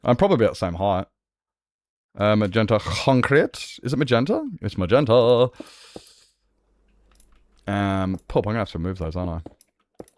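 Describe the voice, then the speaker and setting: A rough-edged Australian man chats with his stream audience, swearing freely and laughing often. His pitch jumps around in lively swings. The sound is dry and close, picked up on a desk microphone. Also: moderate pace, pauses often, no room sound. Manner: animated, jokey, laughs often. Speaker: game streamer. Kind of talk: live game-stream chat.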